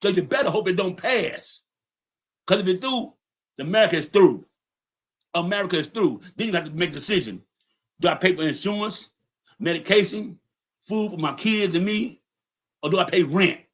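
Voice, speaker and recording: A man's voice: high-pitched, expressive, normal speed, long pauses, fairly bright tone. A man hosting a podcast livestream, delivering an angry, profane, confrontational rant and repeating his points for emphasis. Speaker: podcast host. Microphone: livestream setup.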